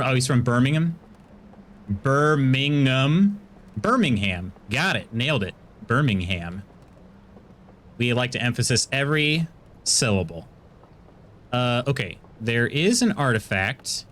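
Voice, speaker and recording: A man with an American accent streaming a video game, chatting casually with his viewers and jumping into high, excited bursts. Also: a little hiss or hum.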